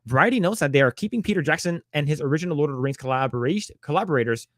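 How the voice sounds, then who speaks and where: Halting man reading news aloud. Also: on the high side, animated, no echo, studio quality. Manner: halting, many fillers and repeated words. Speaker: podcast co-host. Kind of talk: casual chat reading news.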